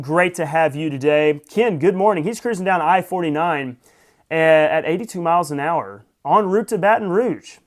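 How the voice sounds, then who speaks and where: A chatty man hosting a morning live stream, his voice sitting a little higher than most men's. He greets viewers one by one and drops wry asides between answering questions. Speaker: host. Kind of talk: casual live-stream chat.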